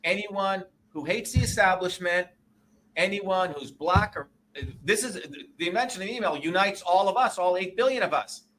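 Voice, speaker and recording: A man in his sixties, a guest in an interview, talking in a combative, profane and emphatic way, often pausing to ask "okay?" or "you see?". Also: high-pitched, a bit bright, slight background noise. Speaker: interview guest, presidential candidate.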